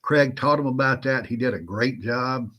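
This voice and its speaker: A man with a Southern drawl hosts a relaxed livestream. He calls out viewers by name in a folksy, chatty way, and his voice sits at an everyday middle pitch. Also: moderate pace. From Southern United States. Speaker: host of a prepping livestream. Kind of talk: casual livestream chat.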